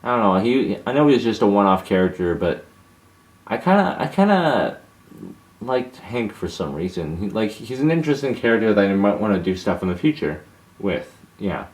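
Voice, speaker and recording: A man's voice: lowish voice, sing-song, normal speed. A young man answering viewer questions in a casual, hesitant monologue, with many fillers and restarts.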